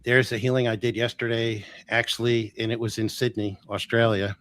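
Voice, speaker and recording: A man in his sixties, a healer guest telling stories in a casual, animated way, chuckling often and acting out what people said. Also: medium pitch, moderate pace. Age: 60s. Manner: animated, chuckles often, acts out quoted dialogue. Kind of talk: casual storytelling.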